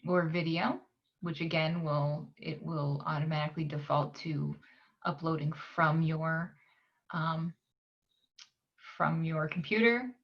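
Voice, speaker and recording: A woman from a library talking through a software tutorial on her screen, unhurried and pausing with "um" as she clicks along. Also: low voice, highs cut off. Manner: unhurried, frequent "um" pauses while clicking.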